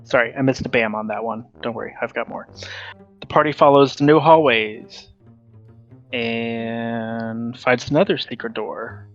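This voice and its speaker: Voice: medium pitch, fairly even intonation, a little slow. A player giving a playful, punchy recap of the last tabletop session, stressing beats for effect. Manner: punchy, repeats "bam" for effect. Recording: dull lo-fi audio with faint music.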